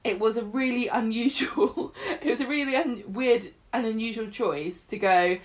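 A woman's voice: a little high, moderate pace, few pauses. Chatty woman, enthusiastic. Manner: chatty, enthusiastic, many fillers and restarts. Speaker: podcast co-host. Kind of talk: casual chat about a soap opera.

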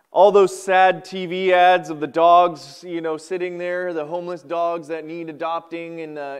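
A man preaches from the pulpit with a high, smooth voice. He spins a homespun story with animated swings in his delivery. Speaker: pastor. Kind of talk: sermon with storytelling. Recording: podcast recording.

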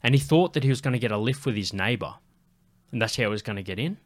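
A man's voice: medium pitch, fast talker. A young man telling a loose, profanity-heavy story as a podcast host in casual chat. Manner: loose, swearing, animated storyteller.

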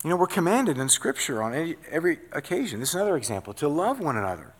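A man's voice: fairly high pitch, big pitch swings, very fast. Conversational man preaching a sermon. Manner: conversational, asks "right?" often. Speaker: pastor.

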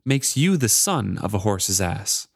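A man's voice: lowish voice, very animated, a little slow, vocal fry, slightly rough, dry recording, studio quality, exaggerated voice. A man reading aloud as a contemptuous grown male guard who sneers at others. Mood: scornful. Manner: scornful.

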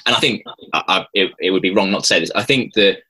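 A man's voice: low-pitched, fast talker, bright, forceful tone, slightly rough, rough recording. A man explaining Bible passages in casual conversation, thoughtful and hesitant, with many ums and restarts. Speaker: Christian guest explaining the Bible.

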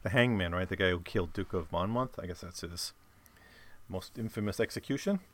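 A low-pitched man talks briskly as a book discussion host, casually summing up and discussing a novel. He rambles, with lots of fillers and restarts.

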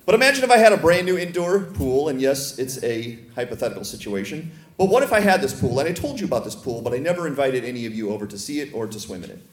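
A man's voice: medium pitch, sing-song, fast, few pauses. Playful man preaching in echoey church. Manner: playful, teasing humor. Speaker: pastor. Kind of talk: sermon. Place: church sanctuary.

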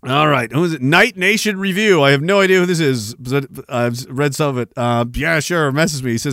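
A man's voice: on the high side, lively intonation, a little fast, fairly bright tone, dry recording, clean studio sound. A man hosting a podcast, ranting sarcastically and with a lot of profanity while reading out messages. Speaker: podcast host.

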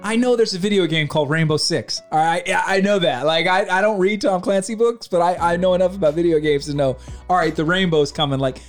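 A man's voice: sits high, brisk, few pauses, soft background music. A man co-hosting a casual chat, ranting animatedly and exasperated, often mocking lines in quoted voices. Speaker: podcast co-host reviewing a film.

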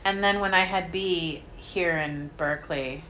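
A woman's voice: on the low side, unhurried, pushed and bright, slight background noise, poor audio. A woman in her thirties co-hosting a podcast, chatting casually with wry, dry asides. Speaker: podcast co-host. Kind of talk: casual chat.

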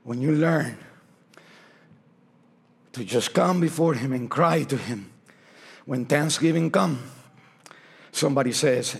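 Passionate preacher with a husky voice. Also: male voice, mid-range voice, takes it slowly, long pauses. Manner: impassioned preaching, swinging from shouts down to hushed, near-whispered lines; slips into Spanish phrases. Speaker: pastor. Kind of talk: sermon. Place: church sanctuary.

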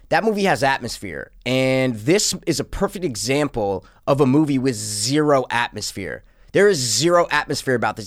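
A man co-hosts a casual movie review podcast, animated and rambling, frequently restarting his sentences. His voice sits at an ordinary middle pitch, and the recording is dry and close with no room sound.

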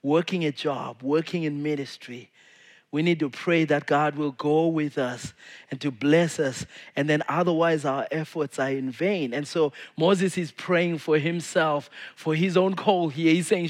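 A male pastor preaching a casual sermon to his congregation, swinging between loud emphasis and hushed asides. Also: a little high, unhurried.

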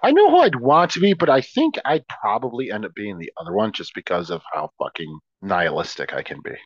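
A man's voice: lowish voice, very animated, brisk, no room sound, dull audio. A man co-hosting a podcast in casual chat, joking and teasing with profane affection. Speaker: podcast co-host.

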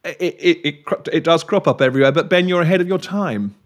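A man's voice: on the high side, fast. A man co-hosting a podcast, talking in a reflective, rambling way with restarts and chuckles. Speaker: podcast co-host. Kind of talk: casual podcast chat.

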